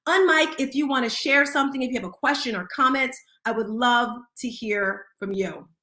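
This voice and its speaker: A woman with a fairly high voice hosts a live audio room, speaking in an earnest, story-driven motivational style. Her voice carries a roomy echo around it. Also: moderate pace, pushed and bright. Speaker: host of an audio chat room. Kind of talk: casual motivational talk.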